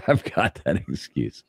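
A man's voice: slow pace, a little mellow, no room sound, studio quality. A man hosting a live show, joking loosely, swearing, and moderating callers. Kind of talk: casual chat.

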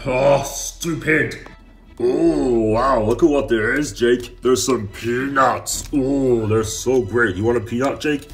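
A man's voice: medium pitch, slow, echoey room, faint music behind. A man voicing a cartoon, talking in a whiny, exasperated way. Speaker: cartoon narrator and voice actor. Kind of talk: cartoon acting.

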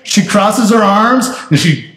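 A man's voice: high voice, takes it slowly, reverberant. Conversational man preaching a sermon. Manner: conversational, animated preaching with acted quotes. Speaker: pastor. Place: church sanctuary.

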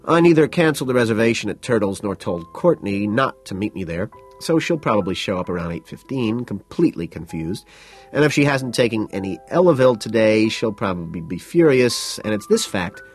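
Low-voiced male audiobook narrator. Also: sing-song, fairly quick, breathy edge, soft background music. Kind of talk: first-person audiobook narration.

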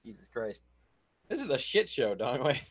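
Male co-host, mid-pitched voice, quick teasing cracks in loose stream banter. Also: big pitch swings, husky. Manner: teasing, crude wisecracks. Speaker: podcast co-host. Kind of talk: casual stream chat.

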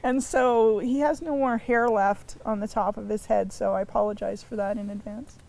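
A woman from Canada, a ladies team player, chatting in an interview and telling stories in an animated way. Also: medium pitch, moderate pace, gravelly, rough recording.

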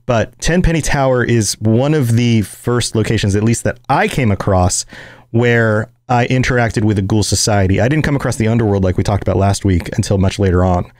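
Male podcast co-host, lowish voice, dry close sound, relaxed casual chat. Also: fairly quick, no echo. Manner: relaxed, thinking aloud. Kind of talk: casual chat about game lore.

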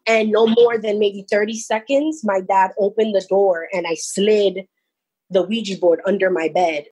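A woman's voice: mid-range voice, steady tone, measured pace, mellow, slightly rough, poor audio. A young woman recounting a personal experience, rambling and restarting as she tells it. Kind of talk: personal storytelling.

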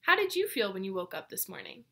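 A woman reading a picture book aloud to children, expressive and warm. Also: medium pitch, quick pace, creaky, breathy edge. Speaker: storyteller.

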